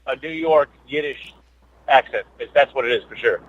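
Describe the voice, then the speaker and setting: Comedian guest, male, halting rambly storyteller, mid-pitched, dull lo-fi audio. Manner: rambling, halting, many restarts. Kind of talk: casual chat. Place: New York based.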